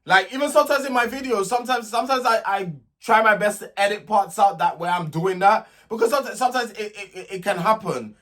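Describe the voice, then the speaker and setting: A young man with a high, light voice rants through a casual reality TV recap. He is sassy and indignant, often stumbling over and repeating his words as he goes. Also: fast talker, a bit bright. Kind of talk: casual vlog commentary.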